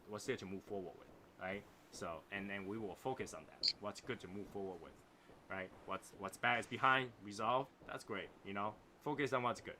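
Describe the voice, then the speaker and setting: Bright-voiced livestream host, reflective. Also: male voice, lowish voice, slight background noise. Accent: non-native English accent. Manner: reflective, rambling, repeats phrases and asks "right?". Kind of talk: casual chat reading viewer comments.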